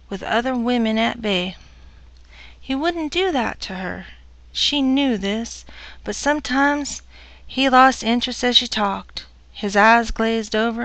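A woman narrating a dark story in a measured, even delivery. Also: fairly high pitch, no room sound.

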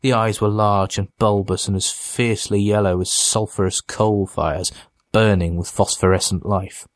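A man narrating a horror story in a measured, dramatic audiobook reading. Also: fairly low pitch, no room sound.

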